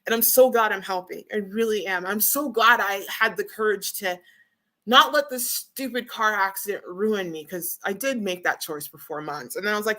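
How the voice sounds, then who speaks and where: A woman's voice: medium pitch, normal speed, pushed and bright. A woman hosting a casual live stream from home, emotional and upbeat, talking straight to her viewers. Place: home, beside her router.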